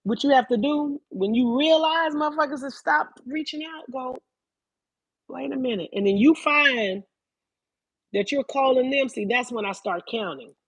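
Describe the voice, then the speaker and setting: Husky woman going off on a live stream, cussing a lot, dry close sound. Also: sits high, normal speed, no echo, rough recording. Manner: profane, animated, emphatic. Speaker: vlogger.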